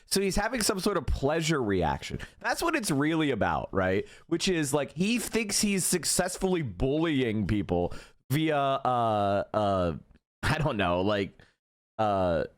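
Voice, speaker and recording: A man mocking a politician's claims in profane, incredulous streamer commentary. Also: mid-range voice. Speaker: streamer reacting to clip.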